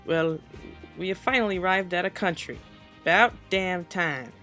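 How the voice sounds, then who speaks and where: Teen guy doing a snarky class presentation voiceover, bright kinda highish voice, music faint underneath. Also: expressive, normal speed. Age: teens. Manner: sarcastic, mocking asides. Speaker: student presenter. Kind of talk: comedic school presentation voice-over.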